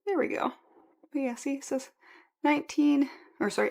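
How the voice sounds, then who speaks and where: A woman's voice: high voice, moderate pace, vocal fry, pauses often, a little mellow. A woman vlogging casually from a room at home, chatting in a rambling way and correcting herself as she goes. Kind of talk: casual vlog chat.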